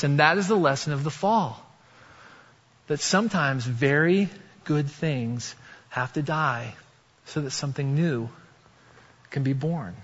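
A man's voice: a little high, a bit bright, slightly rough. A male pastor giving a conversational sermon, often checking in with the congregation with "right?". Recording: dull sound with long reverb.

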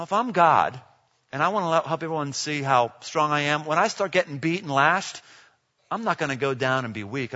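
A man preaching a sermon in an animated way, firing off rhetorical questions, recorded in a large hall. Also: on the high side. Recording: reverberant, dull lo-fi hall recording.

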